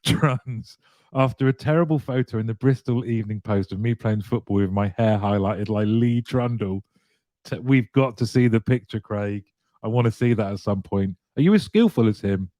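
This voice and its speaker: Chatty man hosting a live show, lowish voice, dry close sound, quick to laugh. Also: darkish tone, dry recording. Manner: chatty and jokey, laughing often. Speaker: livestream show host. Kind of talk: casual live chat, greeting viewers and reading comments.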